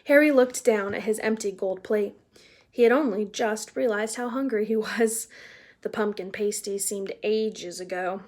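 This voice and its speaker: A woman reading a children's novel aloud in a casual, chatty way, pausing to explain words for young listeners. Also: mid-range voice, a little mellow. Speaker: read-aloud narrator.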